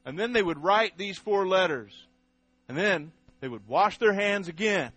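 A man's voice: sits high, expressive, measured pace, a bit bright, dry recording. A man preaching a sermon, stressing single words, repeating himself and putting questions to the congregation. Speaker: pastor. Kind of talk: sermon teaching.

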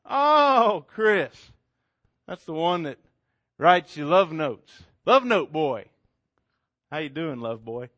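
A man's voice: on the high side, fast, a bit bright, no room sound, lightly acted. A man voicing a drunk, scruffy man who taunts and swaggers. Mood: taunting.

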